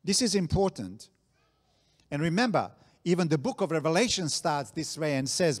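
A man preaching a sermon, slow and deliberate, repeating key phrases for emphasis. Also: a little high, big pitch swings. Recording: long reverb of a large hall.

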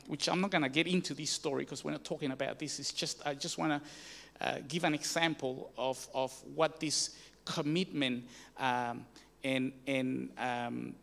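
A man's voice: on the high side, vocal fry, a bit bright. A man giving a sermon, telling a story with many fillers and restarts and rising emphatic peaks, in a church hall. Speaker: preacher.

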